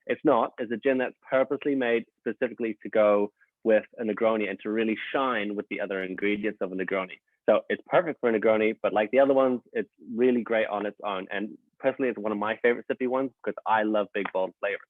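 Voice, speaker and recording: A man's voice: on the low side, fairly even intonation, quick pace, no room sound. Man on tinny, phone-like audio. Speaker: brand ambassador. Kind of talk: presenting a virtual tasting.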